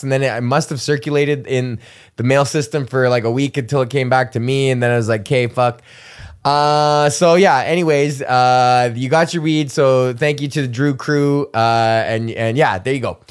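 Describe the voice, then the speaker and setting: A young man hosting a podcast, ranting casually and profanely in a rambling, animated way. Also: mid-range voice, moderate pace, clear, resonant tone. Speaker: podcast host.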